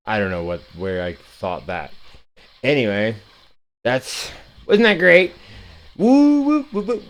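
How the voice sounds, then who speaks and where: Low-voiced sarcastic male news commentator. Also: slight background noise. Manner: sarcastic, profane, rambling with restarts. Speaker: commentary show host.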